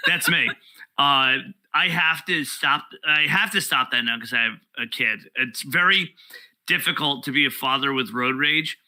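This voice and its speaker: A man, a guest comedian telling profane, animated stories in casual podcast chat. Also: mid-range voice, moderate pace, poor audio. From New York.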